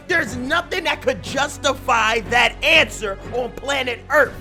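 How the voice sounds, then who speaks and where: A man live-streaming his reaction to a game show, shouting with excitable, playful mock outrage. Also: extremely high pitch, unhurried, hardly any pauses, soft background music. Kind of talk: loud reaction commentary.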